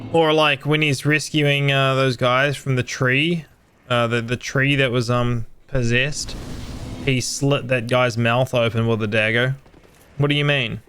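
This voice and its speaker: A man's voice: mid-range voice, fairly bright tone, a little hiss or hum. A young man chatting casually with friends while playing a video game, joking, teasing and swearing freely. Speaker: gamer streaming with friends. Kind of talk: casual gameplay chat.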